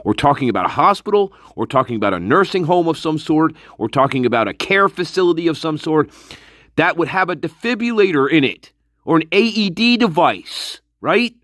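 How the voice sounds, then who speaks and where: A man ranting on a livestream, firing off profane rhetorical questions with a lively, swooping pitch. His voice is recorded close and dry, with no room sound around it. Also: a little fast, no room sound. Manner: greets chat viewers by name. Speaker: livestream host. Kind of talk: casual livestream rant.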